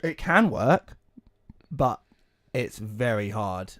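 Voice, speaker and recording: A man co-hosting a casual podcast chat, ranting in an animated way and swearing a lot. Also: mid-range voice, slow, no room sound, clean studio sound. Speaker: podcast co-host. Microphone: podcast mic.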